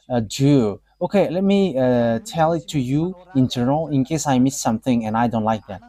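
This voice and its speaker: A man preaching a live sermon, talking in short, halting, broken phrases. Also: mid-range voice, expressive, dark tone.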